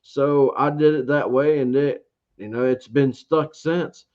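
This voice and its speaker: A man's voice: mid-range voice, fairly even intonation, unhurried, a little mellow. A man from Georgia, chatting as an interview guest and rambling through a story while acting out his own past thoughts. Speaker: interview guest, beard reviewer. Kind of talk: casual interview chat. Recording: dull lo-fi sound.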